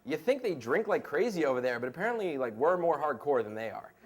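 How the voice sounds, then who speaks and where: Lively, high-voiced young American man. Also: fast. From United States. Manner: casual, animated, heavy use of "like". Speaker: storyteller. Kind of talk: live story slam storytelling. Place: stage before a live audience.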